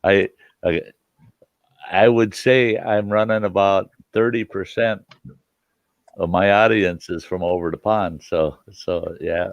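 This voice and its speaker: An easygoing man hosting a relaxed live-stream chat with friends, rambling through his stories. His voice is fairly low, and the audio sounds dry, dull and a little lo-fi. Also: slow pace, no room sound. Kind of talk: casual chat.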